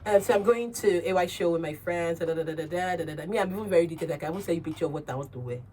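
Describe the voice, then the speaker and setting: A woman's voice: lowish voice, racing, recorded from a distance, a little hiss or hum. A woman with a Nigerian accent hosting a radio talk show, speaking assertively and acting out quoted conversations. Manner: assertive, animated, acts out quoted dialogue. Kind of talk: casual radio chat.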